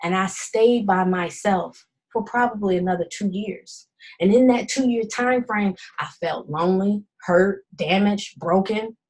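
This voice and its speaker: A woman's voice: mid-range voice, unhurried, a little mellow, poor audio. A middle-aged woman giving a personal testimony talk, telling her story dramatically with emphatic repetition. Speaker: speaker.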